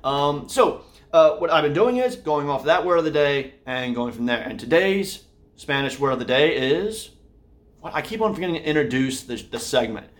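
A man's voice: fairly high pitch, expressive, normal speed. A man from the Austin, Texas area hosting a casual daily vlog, rambling with many fillers and restarts. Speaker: vlogger and podcast host. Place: home room, indoors.

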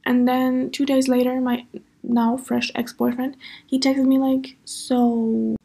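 Young woman podcast host, kinda high voice, raspy and fry-ish, just rambling casually. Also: completely flat delivery, measured pace, mellow. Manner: chatty, lots of fillers. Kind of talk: casual storytelling.

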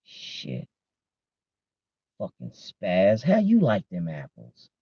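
A man's voice: medium pitch, big pitch swings, measured pace, breathy edge, no room sound. A man hosting a podcast, ranting in a casual, profane way and talking straight to his listeners on a dull lo-fi recording. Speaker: podcast host. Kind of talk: casual rant.

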